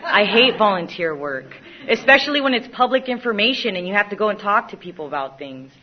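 A woman's voice: medium pitch, big pitch swings, fast. A young woman giving a candid, self-mocking personal recovery testimony, often stopping and restarting her sentences. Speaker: recovery speaker. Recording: dull lo-fi recording.

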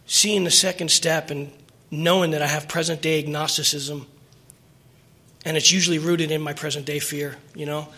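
A man's voice: fairly high pitch, steady tone, moderate pace, sharp tone, husky. A middle-aged man telling his personal recovery story at a meeting, earnest and emotional, rambling with restarts.

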